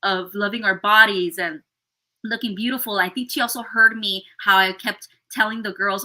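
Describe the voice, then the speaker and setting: On a live podcast, a woman guest tells stories expressively, acting out what people said. Her mid-range voice moves fairly quickly, and the audio quality is poor.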